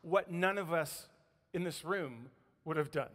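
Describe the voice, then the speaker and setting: A man with a fairly high voice preaches in a church. He tells the story with lively energy and puts on voices for the quotes. A long reverb from the hall trails behind his words. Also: normal speed. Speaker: pastor. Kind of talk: sermon. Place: church sanctuary.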